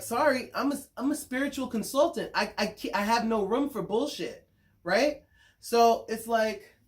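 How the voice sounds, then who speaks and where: A woman's voice: on the low side, darkish tone. A woman talking to the camera in a casual monologue, frank and blunt, swearing freely, repeating words as she thinks and often checking in with her listeners. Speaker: spiritual consultant and vlogger.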